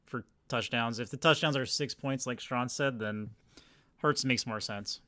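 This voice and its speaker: A man's voice: mid-range voice, unhurried, pushed and bright, dry recording, studio quality. A man co-hosting a casual sports podcast, talking in a rambling, hedging way. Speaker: podcast co-host. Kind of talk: casual fantasy football chat.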